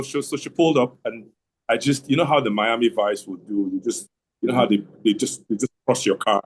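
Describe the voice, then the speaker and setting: A man's voice: medium pitch, a little mellow, husky, poor audio. A middle-aged man hosting an online call, telling a long personal story in a rambling way, often repeating words and starting over. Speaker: host telling his marriage story. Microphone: online video call.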